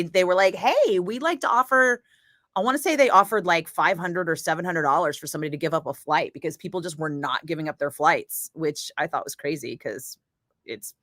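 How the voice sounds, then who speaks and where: A woman radio DJ chatting casually with viewers, telling a story in a lively, swearing style and acting out the other people's lines. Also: deep voice, dry recording, studio quality. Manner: chatty storyteller, swears freely, acts out voices. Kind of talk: casual chat.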